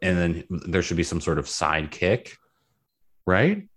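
A man's voice: very animated, unhurried, fairly bright tone. A man co-hosting a podcast in playful casual chat, his voice jumping up on emphasis. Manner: playful, jumps up in pitch on emphasis. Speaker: podcast co-host.

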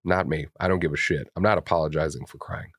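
A man with a very deep voice talks on a podcast in a casual, candid way. His speech is blunt and full of swearing, and he is openly emotional. The sound is close and dry. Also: fairly even intonation, fast, a bit bright, husky, no room sound. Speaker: podcast co-host.

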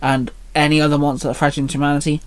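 A man voicing a middle-aged mother calmly explaining a loss, steady and supportive. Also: a little high, quick pace, clear, resonant tone, no room sound, natural voice.

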